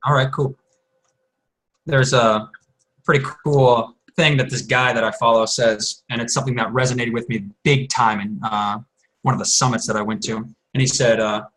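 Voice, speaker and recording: A man guest on a team call, telling stories in an animated, emphatic way. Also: mid-range voice, moderate pace. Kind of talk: casual chat.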